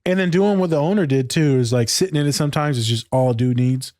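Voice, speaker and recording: A man's voice: medium pitch, quick pace, darkish tone, no echo, studio quality. A man in casual podcast chat, loose and candid, swearing freely and acting out conversations. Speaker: podcast co-host.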